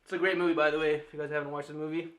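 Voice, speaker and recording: A man's voice: fairly high pitch, little pitch movement, rapid-fire, a bit bright. A man in his thirties vlogging candidly to camera, open and reflective, often laughing and using fillers. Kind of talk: candid personal vlog talk.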